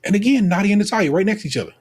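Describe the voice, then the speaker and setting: A man's voice: sits high, very fast. An American man co-hosting a podcast, recapping a baking show in a playful casual chat full of slang. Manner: animated, playful, Southern-leaning slang like y'all. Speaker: podcast co-host.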